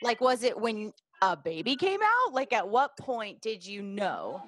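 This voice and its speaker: Slow, curious woman interviewer. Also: fairly high pitch, sing-song. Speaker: podcast host. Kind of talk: casual interview.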